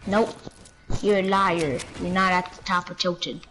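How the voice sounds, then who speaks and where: A woman's voice: lowish voice, fairly even intonation, moderate pace, pushed and bright, low-quality recording. A woman streaming a video game live, exasperated, repeating exclamations and shrieking when her character dies. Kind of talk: live gameplay chatter.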